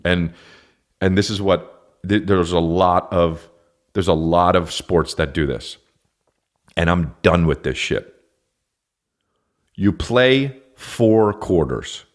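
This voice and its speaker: A man hosts a comedy podcast, delivering a rant in exasperated, profane bursts and slipping into mock voices. His voice is deep and his pace slow, with long pauses.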